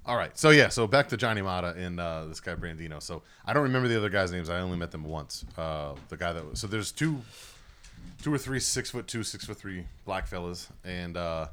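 Podcast host, young man, low voice, bright and lively, rambling profane storyteller. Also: fairly quick. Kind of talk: casual storytelling chat.

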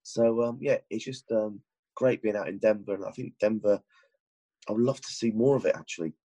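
A British man co-hosting a casual podcast chat, talking quietly from a hotel room in the early hours. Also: lowish voice, fairly quick. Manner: hushed, keeping quiet at 4am. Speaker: podcast co-host.

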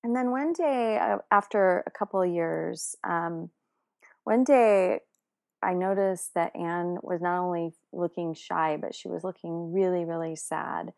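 A woman telling a personal story in a casual, animated way, with many fillers and restarts. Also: fairly low pitch, gravelly.

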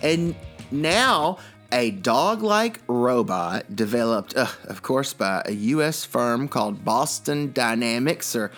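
A man co-hosting a radio show, trading animated, jokey banter. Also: mid-range voice, slow, faint music behind.

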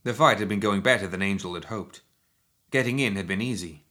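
Male narrator, scripted audiobook reading, low-ish voice, bright crisp tone, steady and measured.

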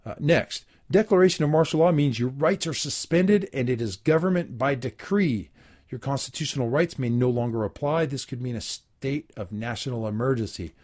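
Guy reading an article out loud and chiming in with dry little comments, lots of uhs and ums, middle-pitched ordinary voice. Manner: reads aloud and adds wry asides; plain, unhurried, frequent filler ums and uhs. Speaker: host.

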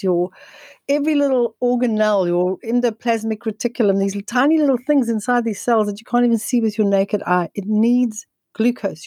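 Fast-talking energetic woman storyteller. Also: mid-range voice, dry recording. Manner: fast, energetic, with frequent restarts and repeated words. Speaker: guest speaker on nutrition. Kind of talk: conversational storytelling interview.

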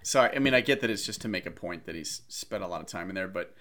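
A man's voice: deep voice, animated, fast talker, bright, forceful tone. A man co-hosting a podcast, casually talking through a film and picking apart its plot details. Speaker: podcast co-host. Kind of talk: casual movie discussion.

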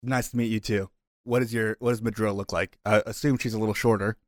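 A man plays his character in a tabletop game in a laid-back, casual way. His voice sits on the low side. The recording is dry. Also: steady tone, fast talker, no room sound. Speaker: player.

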